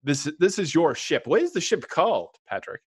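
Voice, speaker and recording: A game master with a fairly high male voice, narrating a tabletop session and reading out donations. He chuckles often and trips over his words. The sound is dry and close. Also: big pitch swings, moderate pace, breathy edge, no room sound.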